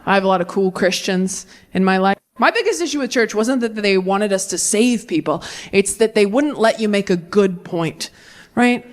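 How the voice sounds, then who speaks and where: A woman's voice: mid-range voice, expressive, moderate pace. A woman comedian performing a stand-up set on a club stage, with sarcastic, self-mocking punchlines.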